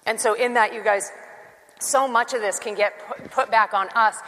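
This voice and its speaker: A woman giving a sermon, telling personal stories in an animated way and acting out the dialogue with quick laughs. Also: fairly high pitch, big-room sound. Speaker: Christian speaker.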